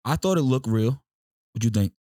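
A man's voice: mid-range voice, expressive, normal speed, mellow, dry recording, studio quality. A man co-hosting a casual podcast, laid-back, steering the talk with questions. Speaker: podcast co-host. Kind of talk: casual banter.

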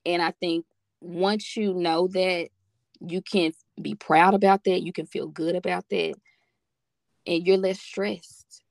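A woman's voice: fairly low pitch, fairly even intonation, takes it slowly, creaky, darkish tone, no echo. A woman talking as a podcast guest in a casual, heartfelt chat, earnest and encouraging, repeating phrases for emphasis.

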